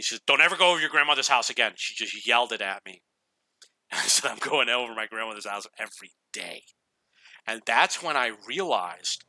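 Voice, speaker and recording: A man's voice: medium pitch, bright, forceful tone, no echo. A man telling a rambling personal story in a casual way over gameplay, chuckling now and then. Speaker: gaming YouTuber.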